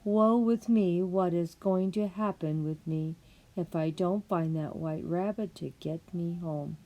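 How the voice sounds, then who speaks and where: A woman voicing a frightened, lost young girl who pleads for help, high and tearful. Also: a little slow, lo-fi sound.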